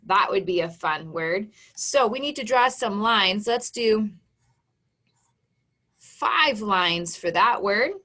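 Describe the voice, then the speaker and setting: Slow, patient woman phonics teacher. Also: medium pitch, a bit bright. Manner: slow, patient, encouraging, sounds out letters and syllables. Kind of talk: online phonics lesson for young children. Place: home.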